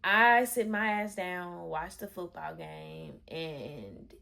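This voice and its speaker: A woman's voice: on the low side, takes it slowly, gravelly, bright, forceful tone. A young woman telling a personal story to her camera in a casual, candid and emphatic way, cursing and calling her viewers y'all. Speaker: storytime vlogger. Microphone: camera facing the speaker.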